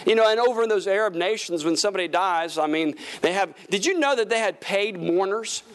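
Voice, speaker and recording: A pastor preaching a lively, folksy sermon in a church service, with humorous asides and call-and-response with the congregation. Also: male voice, high voice, a little fast.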